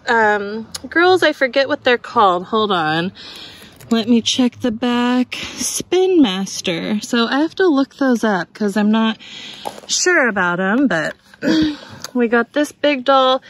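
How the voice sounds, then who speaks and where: A woman chatting casually through a shop-with-me vlog, excitable and laughing often as she shows her thrift finds. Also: on the high side. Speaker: thrift reseller vlogger. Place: busy thrift outlet store, then at home.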